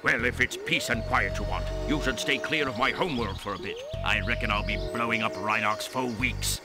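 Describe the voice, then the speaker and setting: An actor playing a male bird soldier, a sergeant, reporting in a crisp clipped military way in a video game. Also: medium pitch, fairly quick, close to an everyday voice. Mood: brisk. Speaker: game character. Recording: game audio with music behind.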